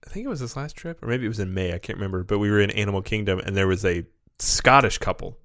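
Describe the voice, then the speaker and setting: A man's voice: lowish voice, fast, dry recording. Dry-voiced man, chatty podcast co-host. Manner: chatty, animated storyteller. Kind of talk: casual chat.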